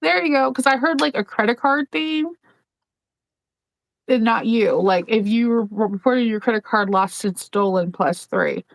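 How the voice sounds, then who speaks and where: A woman in her thirties hosting a casual sewing chat, playful and quick to laugh as she tells stories. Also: fairly high pitch, no echo, rough recording. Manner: chatty, laughs often, playful. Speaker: sewing vlog host.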